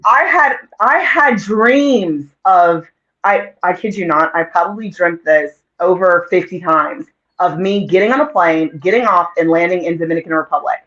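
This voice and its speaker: A woman in her forties from North Carolina, telling a story as a guest in a casual interview, animated and quick to laugh. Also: on the low side. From North Carolina, USA. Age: 40s. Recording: dull lo-fi audio.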